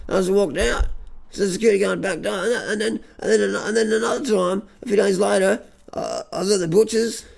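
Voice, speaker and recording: A man's voice: high voice, a little fast, creaky. An Australian man delivering a rambling comic monologue, stammering over repeated words, swearing a lot and bragging with a straight face. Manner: stammering repetitions, heavy swearing, deadpan bragging. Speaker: comic vlogger.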